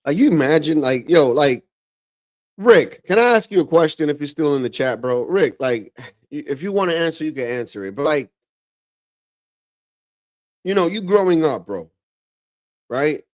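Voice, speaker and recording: A man hosting a livestream in casual, slangy reaction commentary, calling everyone "bro" and getting animated. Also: on the high side, moderate pace, long pauses, dry recording. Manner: animated, drops into mock voices of relatives. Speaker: livestream host.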